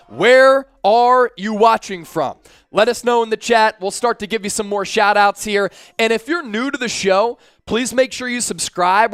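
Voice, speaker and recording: A hyped-up man in his thirties runs a live sports stream from a studio, rattling off viewer shout-outs. His voice sits high and comes through smooth and clear. The sound is dry and close, with no room echo. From Philadelphia area, USA. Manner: energetic, hyped, chanting with the chat.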